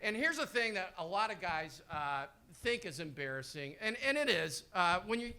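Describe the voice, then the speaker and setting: High, bright-voiced man telling stories. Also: sing-song, moderate pace, clear, resonant tone. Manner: rambling, profane, self-deprecating. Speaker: comedian. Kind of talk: stand-up storytelling.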